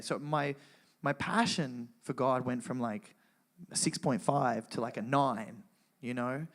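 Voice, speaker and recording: A man giving a personal faith testimony to a live church audience, telling his story earnestly and acting out his own dialogue. He drops quiet in the grave parts and gets loud and excited in the lively ones. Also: medium pitch, unhurried. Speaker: guest speaker at a church event.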